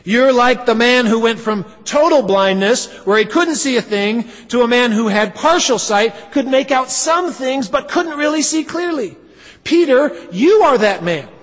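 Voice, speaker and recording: High-voiced preacher in a reverberant hall. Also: male voice, expressive, measured pace. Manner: dramatic, acts out quoted voices. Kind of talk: sermon.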